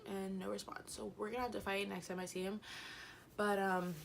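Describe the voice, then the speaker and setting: In this casual storytime, a young woman vlogger recounts a concert in a rambling, giggly way, slightly out of breath and full of fillers. Her mid-range voice is flat, a little fast, and has vocal fry, with a faint hiss or hum in the recording.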